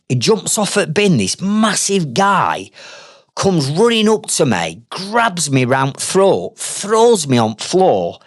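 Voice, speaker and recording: Northern English man, lively storyteller, dry close sound; trades podcast host. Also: on the high side, dry recording. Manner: animated, conversational, blunt. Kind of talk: storytelling monologue.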